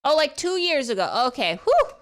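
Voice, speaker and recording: A woman's voice: high-pitched, sing-song, normal speed. A woman streamer chatting casually with her viewers while gaming, teasing and cursing freely.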